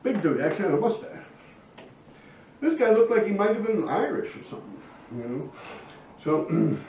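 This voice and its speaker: A man telling his own street crime stories to camera, animated and profane, full of slang and fillers. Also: high voice, normal speed, a little hiss or hum. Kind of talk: casual street storytelling to camera. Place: at home by a window. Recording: roomy, distant, dull sound.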